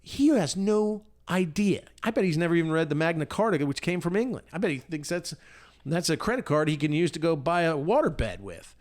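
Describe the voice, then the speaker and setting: A man's voice: a little high, expressive, brisk, a little mellow. A man co-hosting a podcast, delivering a blunt, fiery political rant full of profanity. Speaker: podcast co-host.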